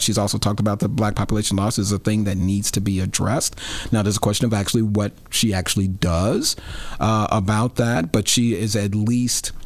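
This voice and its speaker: A man speaks as a guest reporter in a casual political chat, his voice sitting on the low side. He talks thoughtfully, pausing and circling back with fillers. The sound is dry and close. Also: no echo. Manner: thoughtful, hesitant, many fillers.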